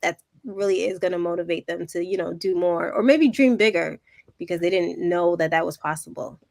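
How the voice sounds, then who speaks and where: A woman's voice: lowish voice, brisk, vocal fry, a little mellow, no room sound. A young Canadian woman hosting a podcast, chatting with an upbeat, enthusiastic manner. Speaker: podcast host. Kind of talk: casual interview chat.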